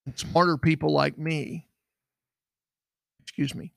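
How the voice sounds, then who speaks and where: Middle-aged man, ex-investigator type, very gravelly voice, dry close sound, rambling storyteller. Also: fairly high pitch, steady tone, slow pace, no room sound. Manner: rambling, acts out quoted dialogue. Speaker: podcast co-host, former investigator. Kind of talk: casual true-crime storytelling.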